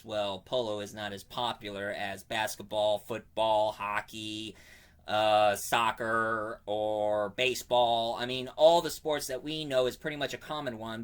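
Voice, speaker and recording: A man's voice: fairly low pitch, fairly bright tone, smooth. A man giving a casual spoken comic book review, rambling and digressive, often stopping to correct himself mid-sentence.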